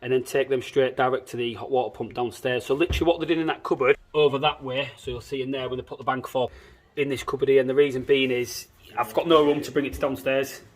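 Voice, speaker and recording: A man's voice: medium pitch, fairly even intonation, fast talker. A man vlogging from a building site as a plumber, talking casually about the job and joking with his crew. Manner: joking, teasing, laughs often. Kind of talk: casual site vlog with banter.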